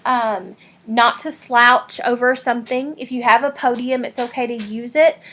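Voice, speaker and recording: A woman teaching a public speaking class in a recorded lecture, explaining things plainly with frequent ums. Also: fairly high pitch.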